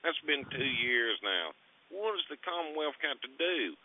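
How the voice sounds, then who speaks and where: A man's voice: fairly high pitch, sing-song, normal speed. An older man calling in by phone, rambling through a coarse, heated grievance. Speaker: caller. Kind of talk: phone-in storytelling. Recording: tinny phone line.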